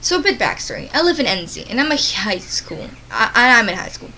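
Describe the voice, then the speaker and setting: A woman's voice: on the high side, very animated, gravelly, bright, forceful tone, slight background noise, poor audio. A woman reading online stories aloud, stumbling and restarting words as she goes. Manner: halting reading with frequent restarts. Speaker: story narrator.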